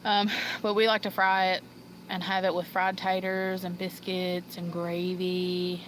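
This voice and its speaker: A woman's voice: lowish voice, flat delivery, a little slow, a little hiss or hum, rough recording. A woman hosting a casual livestream, laughing constantly and losing her train of thought. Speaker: livestream host. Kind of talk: casual live chat.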